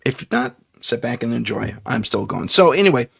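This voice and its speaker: Raspy gravelly guy hosting a live paranormal show, rambly, keeps fixing his words. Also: mid-range voice, animated, normal speed. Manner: rambling, self-correcting, chuckles often. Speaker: podcast host. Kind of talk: live open-mic talk show.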